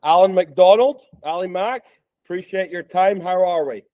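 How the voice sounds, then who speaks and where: A man's voice: sits high, moderate pace, darkish tone. Scottish man hosting a podcast. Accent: Scottish, softened by years in the US. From Scotland. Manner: chatty, with frequent ums and restarts. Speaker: podcast host. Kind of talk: casual interview chat.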